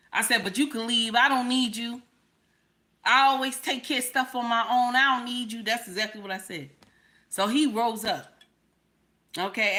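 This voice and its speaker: A woman's voice: fairly high pitch, bright, forceful tone. A woman, telling a personal story to viewers in a sassy, emphatic way and often checking in with "okay?". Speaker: relationship commentator.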